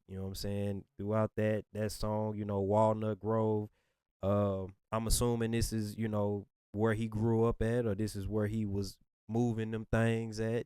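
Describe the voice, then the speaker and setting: A man giving relaxed, rambling reaction commentary on a rap album as the host of his channel. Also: on the low side, clean tone, no room sound, studio quality. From Southern United States. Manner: laid-back, rambling, full of "you know what I'm saying".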